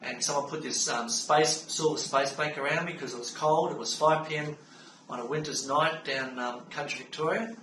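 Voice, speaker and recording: Roomy, bright-voiced Australian man. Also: on the high side. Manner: calm, unhurried recounting with frequent fillers. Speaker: storyteller. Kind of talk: personal spoken testimony. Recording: roomy sound from a distance with faint background hum.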